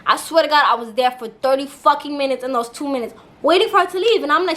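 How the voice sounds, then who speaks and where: Young woman doing a storytime vlog, kinda high voice, lots of slang and cussing, super animated. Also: quick pace, hardly any pauses. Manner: animated, laughing, slangy with frequent swearing. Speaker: YouTuber. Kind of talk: casual storytime.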